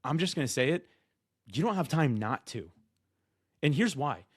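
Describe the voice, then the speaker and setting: A man who talks loud and fast, coaching people on being podcast guests in an energetic, direct-to-camera way, often acting out what guests and hosts say. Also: a little high, husky, dry recording, clean studio sound.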